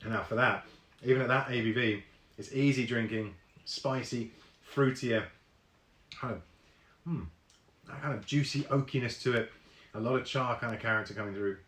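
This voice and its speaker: A man's voice: medium pitch, normal speed, long pauses, fairly bright tone, reverberant. A man hosting a live online whisky tasting, chatting casually with many ums and reading viewer comments aloud.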